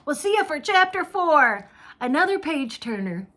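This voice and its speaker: A woman's voice: high-pitched, very animated, moderate pace, pushed and bright. A woman in her fifties hosting a casual chat with her mother, upbeat and giggly, often laughing. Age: 50s. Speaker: vlog host.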